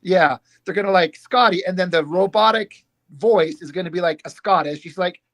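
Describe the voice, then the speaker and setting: A man's voice: sits high, moderate pace. A man in his thirties, a comic book creator, chatting casually and animatedly, acting out what he says to himself and his friends. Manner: animated, acts out his own quoted thoughts.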